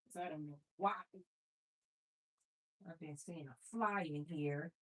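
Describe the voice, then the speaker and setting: A woman's voice: low voice, slow pace. A woman hosting a casual cooking livestream, telling stories animatedly and talking to viewers. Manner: animated storyteller, talks to viewers as "you guys". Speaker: livestream host.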